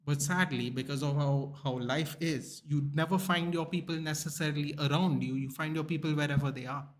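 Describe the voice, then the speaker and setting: A man's voice: a little high, fairly quick. A young man, talking bluntly and swearing often as he chats with viewers on a live stream. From India. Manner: blunt and animated, swears often, calls people dude. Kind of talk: casual live-stream chat.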